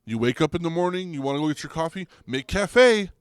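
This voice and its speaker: A young man hosting a podcast, ranting comedically with lots of swearing and restarts, getting louder and higher when worked up. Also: expressive, a little fast, clean tone, no echo. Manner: rambling, profane, restarts, goes loud and high when riled. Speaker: podcast host. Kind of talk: comedic rant.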